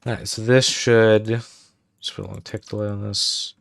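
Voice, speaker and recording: A man's voice: fairly low pitch, little pitch movement, a little slow, vocal fry, clean tone, no echo. A man casually talking through his game-building work on a livestream, muttering commands as he types. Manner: mutters commands aloud while typing. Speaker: streamer and game developer.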